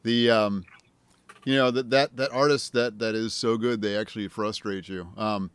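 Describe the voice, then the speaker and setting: A man hosting a casual interview, praising his guest in a halting way with many restarts. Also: on the low side, steady tone, a bit bright, smooth, dry recording. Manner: halting, full of restarts and fillers when praising. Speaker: podcast host.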